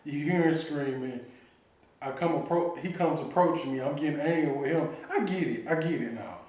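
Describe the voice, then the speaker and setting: A man's voice: on the high side, moderate pace, darkish tone, heavy reverb, far from the mic, poor audio. A man casually telling a family story to viewers, laughing often as he talks. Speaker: family vlogger.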